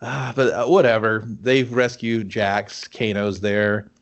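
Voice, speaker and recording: A man's voice: on the low side, fairly even intonation, takes it slowly, gravelly, lo-fi sound. A man ranting casually about a movie as a podcast host, swearing heavily and laughing. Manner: ranting, profane, laughs often, mock voices.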